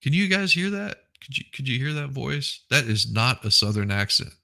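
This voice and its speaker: A man's voice: medium pitch, sing-song, moderate pace, creaky, pushed and bright. A man hosting a casual, opinionated news commentary show, talking bluntly and often repeating himself. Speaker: host of a news commentary channel.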